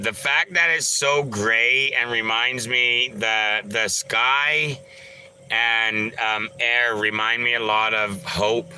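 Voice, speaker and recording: Man, livestream host, slightly low voice, unhurried drawl, jokey rambling chat, calls out viewers by name. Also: pushed and bright, a little hiss or hum, low-quality recording. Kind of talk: casual live-stream chat.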